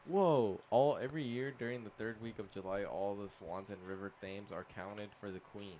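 A man's voice: on the low side, normal speed, warm tone. Joking young man reading out odd facts. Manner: joking, swears a lot, reads facts aloud. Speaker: podcast co-host reading out facts. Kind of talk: casual chat.

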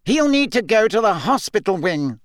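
An agitated middle-aged official from a storybook, loud and pushy, his voice pitched well above the narrator's own. He fusses and insists on taking charge, as a male reader puts him on. The recording is dry, close and without room sound. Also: sing-song, a little slow, vocal fry, breathy edge, no room sound, heavily acted. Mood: flustered. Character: flustered middle-aged male government minister.

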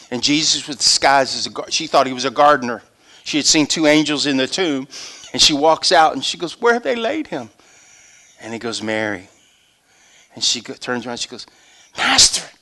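An older man, a pastor, preaching a sermon with animated storytelling that swings between loud and hushed. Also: medium pitch, moderate pace.

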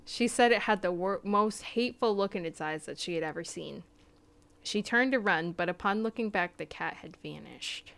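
A woman hosting a podcast, telling a spooky story in a casual, chatty way that sometimes drops to a hushed tone. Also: medium pitch, moderate pace, vocal fry. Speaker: podcast host.

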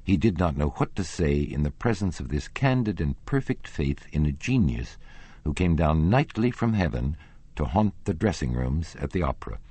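A man reading a classic novel aloud as an audiobook narrator, with a measured, expressive delivery. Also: rumbling low, breathy edge, no room sound.

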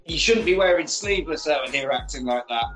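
A man's voice: a little high, lively intonation, brisk, fairly bright tone, reverberant, soft background music. A man voicing a tough male street racing crew boss in a retold film scene, speaking bluntly. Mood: stern. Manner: blunt, quoted lines.

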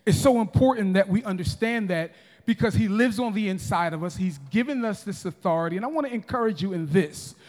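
A man's voice: high voice, brisk, a little mellow. A man in his forties preaching a sermon as pastor, emphatic, with frequent restarts and calls to the congregation. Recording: long reverb of a large hall.

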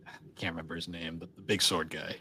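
Rambling low-voiced man chatting. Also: level tone, fast, sharp tone, a little hiss or hum. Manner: rambling, filler-heavy, laughs often. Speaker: podcast co-host. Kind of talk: casual chat.

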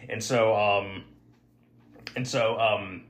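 A man's voice: fairly low pitch, fairly even intonation, extremely slow. A man hosting a podcast, casually recapping a film with lots of fillers and restarts. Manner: rambling, many fillers and restarts. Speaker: podcast host. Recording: roomy echo.

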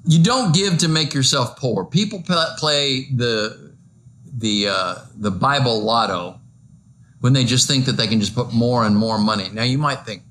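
A male pastor gives a conversational, joking sermon packed with rhetorical questions for his listeners. He speaks at a measured pace in a medium-pitched, fairly bright voice, with slight background noise.

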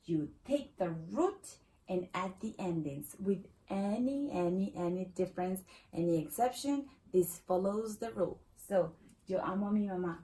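A woman with a Latin American Spanish accent, a native Spanish speaker, patiently teaching a Spanish lesson and repeating words slowly for learners. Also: mid-range voice, expressive, dark tone, rough recording. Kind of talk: explaining a language lesson.

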